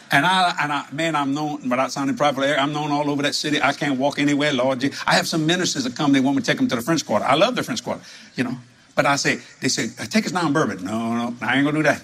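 Full of stories, the sermon comes from an animated New Orleans preacher who laughs as he talks and jumps up into high exclamations.

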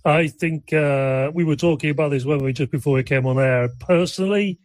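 A man's voice: on the high side, brisk, a little mellow, no room sound, poor audio. A man chatting as a guest on a radio talk show, in a wry, chatty way. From United Kingdom.

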